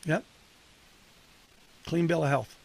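Gravelly-voiced man coaching a men's group. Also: fairly high pitch, fairly even intonation, slow pace, darkish tone. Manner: conversational, punchy, addresses listeners by name. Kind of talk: casual preaching to a group.

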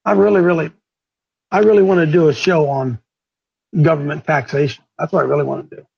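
A man's voice: fairly high pitch, steady tone, a little fast, creaky, slightly rough, dull audio. A man hosting a talk radio show, preaching fervently and repeating his points for emphasis.

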